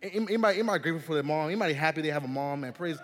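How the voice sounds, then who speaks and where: A young man giving a youth sermon, telling a personal story in an animated, chatty way and often saying "man" and "listen". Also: on the high side, rapid-fire, slight background noise. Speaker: youth pastor. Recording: long hall reverb.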